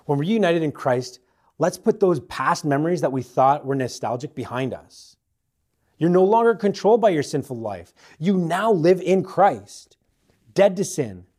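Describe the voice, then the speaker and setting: A man preaching a sermon, swinging between forceful emphasis and quiet, hushed appeals to the listener. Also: mid-range voice, lively intonation, moderate pace.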